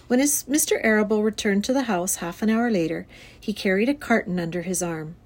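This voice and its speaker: A woman teacher reading a children's novel aloud to her class in a clear, expressive storytelling voice. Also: medium pitch, fairly quick. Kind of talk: read-aloud children's book.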